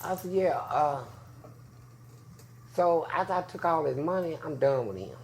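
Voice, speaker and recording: A man in an interview telling prison stories in a loud, profane way, acting out voices. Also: animated, unhurried, vocal fry, slight background noise. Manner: profane, acts out voices with big pitch jumps. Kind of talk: animated storytelling.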